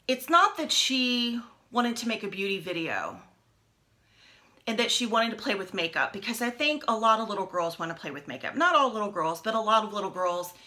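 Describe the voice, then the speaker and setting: A woman's voice: mid-range voice, sing-song, fairly quick, bright, forceful tone. A woman in her forties chatting and rambling while doing her makeup at home, with many fillers and restarts. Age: 40s. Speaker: beauty vlogger. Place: home, at a lit makeup mirror.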